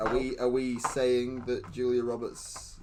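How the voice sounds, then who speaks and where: A man chatting casually and making quick wisecracks. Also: mid-range voice, completely flat delivery, noisy background. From Yorkshire, grew up in Cheshire. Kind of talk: casual chat while painting on stream.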